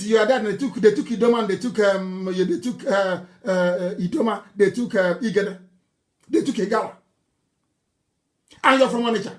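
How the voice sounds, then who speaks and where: A man with a Nigerian accent giving an impassioned live broadcast speech, mocking and scornful, laughing and shouting at times. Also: high-pitched. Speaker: political broadcaster.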